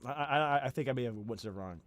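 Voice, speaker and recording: A man's voice: medium pitch, expressive, a little fast, creaky. A man reacting to a video in casual commentary, incredulous and stammering, often laughing.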